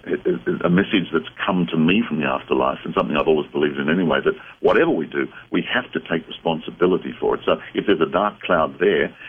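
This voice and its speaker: A very low-pitched man with a husky voice answers callers on a late-night radio show. He explains things in an unhurried, reflective way. The sound comes through a thin, phone-like radio band. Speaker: radio show guest, psychic medium. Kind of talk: call-in radio conversation.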